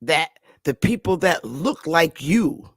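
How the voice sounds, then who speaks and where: A woman's voice: sits low, animated, slow pace, husky, no room sound, clean studio sound. A woman host delivering an impassioned commentary monologue, blunt and emphatic, with frequent profanity.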